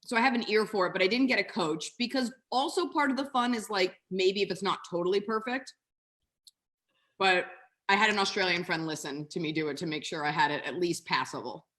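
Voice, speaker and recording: A woman in her thirties, a comedian guest on a video call, talking in a casual, animated, self-mocking way with quick asides. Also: fairly low pitch. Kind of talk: casual interview chat.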